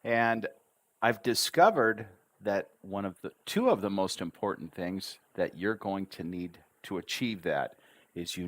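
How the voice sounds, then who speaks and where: A man teaching an English lesson on a livestream, chatty and encouraging, drawing out words slowly syllable by syllable. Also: sits low. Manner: slow drawn-out syllable drills. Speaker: English tutor.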